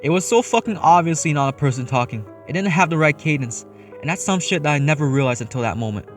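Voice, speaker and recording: A man's voice: fairly high pitch, animated, fast. A young man narrating a first-person horror story in a casual, matter-of-fact way, swearing freely. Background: faint eerie background music.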